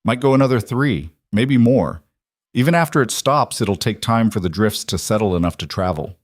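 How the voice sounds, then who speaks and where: A man doing a terse, gruff mountain man. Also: fairly low pitch, animated, normal speed, no echo, clean studio sound. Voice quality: level and terse. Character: gruff, solitary middle-aged mountain man.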